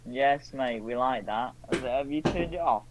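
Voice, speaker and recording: A man's voice: mid-range voice, moderate pace, background noise. A man co-hosting a casual football podcast, giving a jokey, upbeat sign-off. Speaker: podcast co-host. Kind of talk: casual chat outro.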